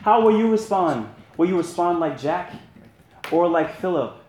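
A man's voice: high voice, lively intonation, normal speed, a little mellow, roomy sound, slight background noise. A man leading a men's Bible study, preaching earnestly in a conversational way and asking his listeners to respond. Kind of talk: sermon.

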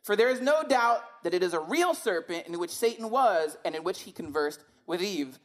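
A woman's voice: lowish voice, expressive, moderate pace. A woman preaching a sermon in a conversational, emphatic way, often asking rhetorical questions.

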